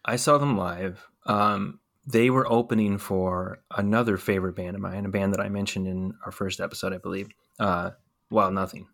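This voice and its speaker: A man co-hosting a podcast, chatting casually in a relaxed, rambling way with many fillers. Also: low voice, moderate pace, gravelly. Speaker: podcast co-host. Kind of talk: casual chat.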